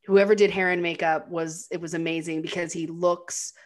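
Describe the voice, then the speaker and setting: A woman co-hosting a casual film podcast, retelling scenes with animated quotes and laughter. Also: lowish voice, moderate pace. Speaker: podcast co-host. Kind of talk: casual film recap chat.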